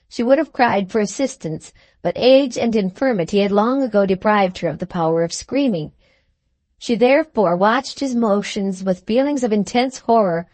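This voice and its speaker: A woman narrating an audiobook of a classic novel in a measured, unhurried way. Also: mid-range voice, a little mellow, no room sound. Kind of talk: scripted narration.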